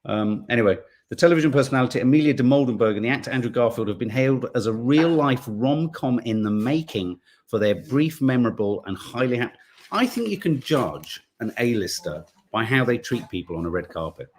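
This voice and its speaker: Lively chatty man hosting. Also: mid-range voice, brisk. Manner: chatty, rambling, playful. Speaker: live show host. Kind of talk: casual chat reading viewer comments.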